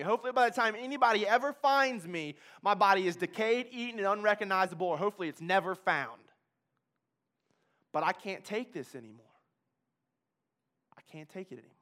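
A man's voice: high voice, fairly bright tone. A man giving an emotional personal testimony, telling his story intensely and repeating key phrases for weight.

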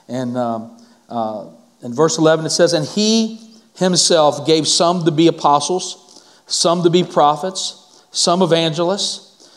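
A male pastor preaching a sermon in church, often halting and repeating words, then rising into emphatic preaching. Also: a little high.

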